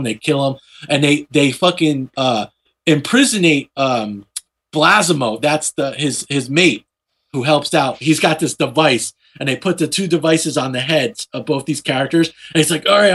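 Recounting a comic book storyline in a loose, profane, lively way, a man pops into quick voices for the characters. His voice is on the high side and a little rough.

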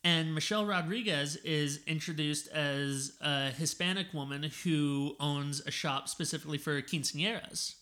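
Bright-voiced excitable man chatting about film. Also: a little high, normal speed, hardly any pauses. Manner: excitable, retells scenes with quoted dialogue. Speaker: podcast co-host. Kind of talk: casual film discussion.

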